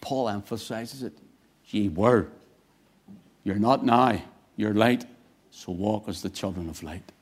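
A man preaching a sermon, swinging between quiet, low lines and loud, emphatic bursts. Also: takes it slowly, long pauses, breathy edge.

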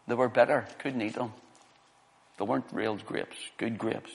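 A man's voice: mid-range voice, steady tone, brisk, vocal fry. A man preaching a sermon, explaining scripture and reading passages aloud, with frequent restarts. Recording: long reverb of a hall.

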